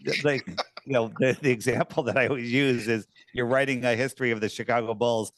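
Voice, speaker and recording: A man's voice: mid-range voice, fairly even intonation, fairly quick, a bit bright, dry recording. A man telling his story as a podcast guest, rambling with lots of fillers and restarts. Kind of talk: casual storytelling.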